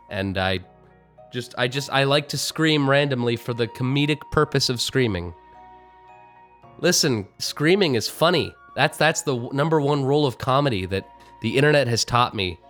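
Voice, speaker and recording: Using a streaming microphone, a man who streams and does voice acting chats casually about the craft on a live stream, wandering off topic, mocking himself and laughing in bursts. His voice is medium in pitch and a bit bright.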